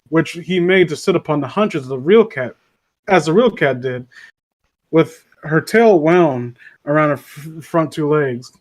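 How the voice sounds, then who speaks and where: A man casually reading a classic story aloud, often stumbling and correcting himself. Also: fairly high pitch.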